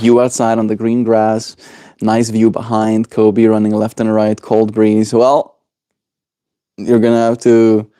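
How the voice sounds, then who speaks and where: A man hosting a daily livestream, chatting in a relaxed, rambling way and chuckling to himself. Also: lowish voice, vocal fry, no room sound, clean studio sound. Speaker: livestream host. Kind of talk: casual chat.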